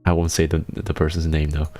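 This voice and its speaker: Male streamer, very deep and hoarse, rambling casual chat, laughs easily. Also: warm tone. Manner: rambling, joking, often laughing. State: hoarse from laryngitis.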